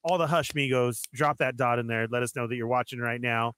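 A man's voice: medium pitch, brisk, slight background noise. A man hosting a live toy collector stream, welcoming viewers by name and laughing along with his co-hosts. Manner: energetic, laughs a lot. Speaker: host.

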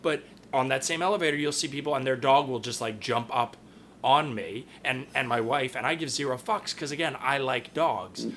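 A young man, a podcast co-host, chatting casually in a blunt, profane, animated way. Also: medium pitch, moderate pace, a little hiss or hum.

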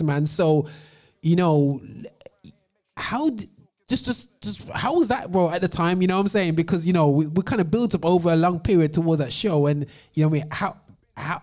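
A man's voice: fairly high pitch, dark tone. A man hosting a casual live-stream chat, rambling, interrupting himself and laughing often. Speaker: host.

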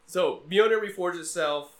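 Male podcast host, higher-pitched, animated retelling, roomy echo. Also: moderate pace. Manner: animated retelling, acting out character lines with laughs. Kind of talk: casual movie recap chat.

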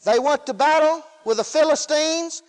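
A man preaching a sermon in a folksy way, swinging between shouted lines and hushed asides. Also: very high-pitched, normal speed. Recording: long hall reverb.

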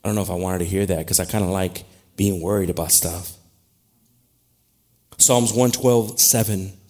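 A man preaching a sermon, dropping to quiet, conversational asides and then rising to loud, emphatic shouts, with laughter along the way. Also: low voice, normal speed. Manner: animated, with laughter and restarts. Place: church.

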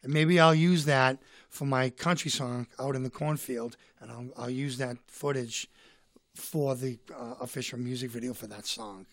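A man's voice: medium pitch, moderate pace, dry recording, clean studio sound. Chatty Boston man with a cold. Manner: rambling, chatty. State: has a cold. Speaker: guest, comedian. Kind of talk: casual storytelling.

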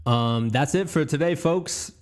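A man's voice: a little high, measured pace. A man hosting a podcast, chatting casually, rambling and stumbling over his words and laughing easily. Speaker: podcast host.

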